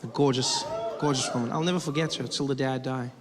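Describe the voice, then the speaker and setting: A man's voice: mid-range voice, steady tone, quick pace. A man performing stand-up comedy, telling a story and slipping into put-on voices. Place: comedy club stage. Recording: roomy live stage reverb with audience noise.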